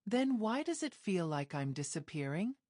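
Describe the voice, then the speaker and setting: A woman's voice: fairly low pitch, very animated, normal speed, a little mellow, dry recording, studio quality. A woman narrator voicing a hurt, defiant young woman who speaks in an emotional, questioning way.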